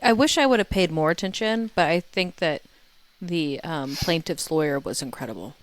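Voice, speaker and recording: A woman comedian guesting on a podcast, talking in a deadpan, teasing way. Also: sits low, normal speed.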